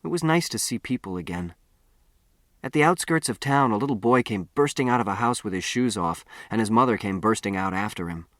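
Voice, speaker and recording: A man reading a novel aloud as an audiobook narrator, in a measured first-person storytelling manner. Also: lowish voice, lively intonation, a bit bright, no room sound, clean studio sound. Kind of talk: scripted narration.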